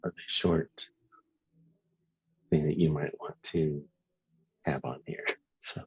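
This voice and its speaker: A man in a reflective conversation about meditation, speaking slowly and haltingly with many pauses, heard over a video call. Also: a bass voice, fairly even intonation, darkish tone, slightly rough, no echo. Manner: slow, halting, with frequent pauses and fillers. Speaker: inquiry session participant. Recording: dull, lo-fi call audio.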